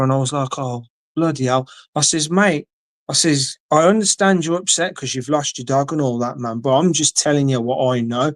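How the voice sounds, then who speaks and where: An Englishman, appearing as a guest, tells a long story in casual conversation, swearing freely and acting out what people said. His mid-range voice is fairly quick with fairly even intonation, and the recording is dry.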